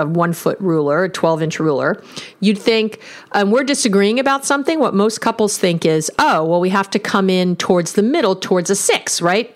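Emphatic woman coaching couples. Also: medium pitch. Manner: emphatic, animated, acts out sample phrases. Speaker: relationship coach. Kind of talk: solo podcast advice talk.

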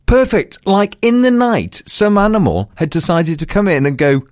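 Animated man telling a story. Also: sits high, moderate pace, no room sound, studio quality. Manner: animated, laughing through stories, acts out voices. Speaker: podcast co-host. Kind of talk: casual storytelling chat.

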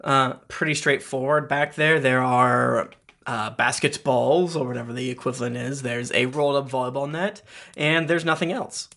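A man narrating a tabletop game as game master, improvising with many halting restarts. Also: medium pitch, steady tone, creaky, sharp tone.

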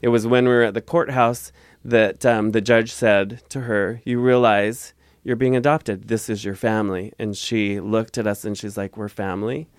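A man's voice: fairly low pitch, flat delivery, normal speed, clean tone, no room sound. A man guest telling a heartfelt family story in a casual interview, earnest and rambling, on a close mic.

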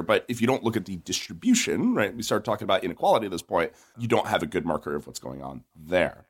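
Man, casual economics explainer, lively expressive pitch, animated storyteller. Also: fast talker, few pauses, breathy edge. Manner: animated storyteller, voices characters in jokes.

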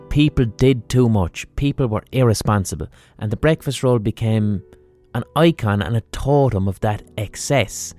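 A man's voice: mid-range voice, a little mellow. An Irish man hosting a podcast, giving a mock-serious comic rant full of swearing. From Ireland. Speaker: podcast host.

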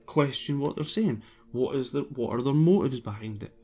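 A man's voice: medium pitch, animated, normal speed, highs cut off. A man streaming alone, talking in a casual, blunt and opinionated rant with frequent restarts. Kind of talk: casual ranting monologue.

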